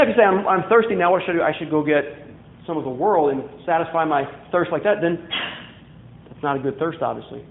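A man preaching a sermon as pastor, swinging from loud emphasis to hushed, drawn-out words. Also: sits high. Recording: echoey room on a tinny phone-like line.

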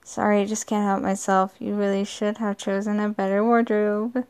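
A woman reading the lines of a smug, teasing adult man in a romance story, in her own lightly creaky voice. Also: medium pitch, flat delivery, moderate pace, a little mellow, close to an everyday voice.

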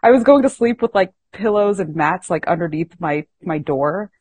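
A woman hosting a podcast, telling a story in a casual, animated, self-mocking way. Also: on the low side, normal speed, slightly rough. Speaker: podcast host.

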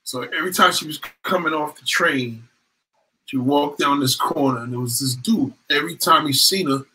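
Host, man, streetwise storyteller, bright forceful tone. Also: on the high side, normal speed, slight background noise, poor audio. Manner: slangy, animated street storytelling. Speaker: podcast host. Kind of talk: casual chat.

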